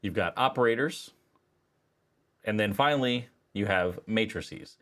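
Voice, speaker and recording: A low-voiced man gives a screen-recorded software lesson for a statistics class. He talks casually and walks through each click step by step, filling pauses as he goes. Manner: casual, explains step by step with fillers. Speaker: statistics instructor.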